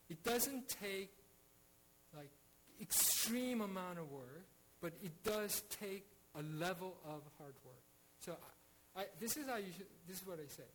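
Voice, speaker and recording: A man's voice: high-pitched, a bit bright, slight background noise, poor audio. A man teaching a Bible study in an earnest way, with frequent restarts and rhetorical questions.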